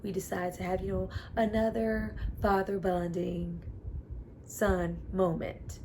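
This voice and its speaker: A woman's voice: medium pitch, slow pace, a little hiss or hum. A woman reviewer casually and animatedly recapping a TV episode, with lots of "you know". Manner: animated, chatty, uses filler "you know".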